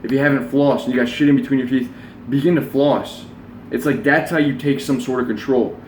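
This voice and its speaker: A man's voice: mid-range voice, steady tone, fairly quick, a little hiss or hum. A man in his twenties giving a blunt, rambling motivational talk and swearing freely. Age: 20s. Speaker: self-help vlogger. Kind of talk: casual motivational monologue. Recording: roomy echo, voice from the mic.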